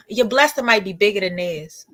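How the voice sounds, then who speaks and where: A woman, co-hosting a podcast and adding calm, reflective points. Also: medium pitch, a little slow, no room sound. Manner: agreeing, adds reflective points. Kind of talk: casual podcast conversation.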